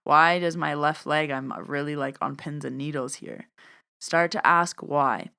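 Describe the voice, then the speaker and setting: Young woman host, deep and smooth, relaxed solo musing. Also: a little slow. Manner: casual, reflective, repeats questions. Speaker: podcast host, energy worker. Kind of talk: solo podcast talk.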